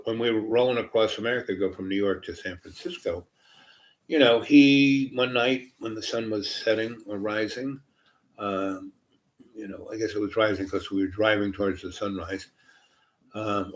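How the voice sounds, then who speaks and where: Rambling older man telling old stories. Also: fairly low pitch. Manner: meandering, many fillers and asides. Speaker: storyteller. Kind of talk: rambling personal storytelling.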